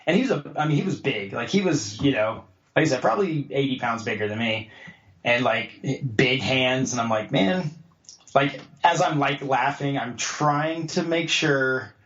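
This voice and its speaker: Guy telling a story on a podcast, lively, puts on voices for people, echoey dull room sound. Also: mid-range voice, normal speed. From United States. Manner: animated, acts out others' lines in a raised voice. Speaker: podcast guest, jiu-jitsu black belt. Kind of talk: casual storytelling. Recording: roomy, slightly dull podcast audio.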